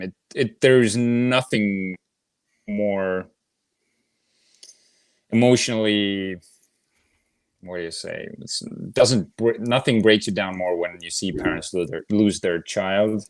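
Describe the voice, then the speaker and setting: A man's voice: on the low side, dry recording. A man co-hosting a casual movie podcast, talking in a hesitant, slightly nervous way with many fillers. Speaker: podcast co-host.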